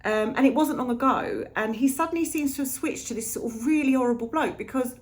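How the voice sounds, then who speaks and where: A woman's voice: high-pitched, fairly quick. A young woman teaching literature in a chatty way, retelling a play's scenes in modern slang. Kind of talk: casual lesson retelling a play.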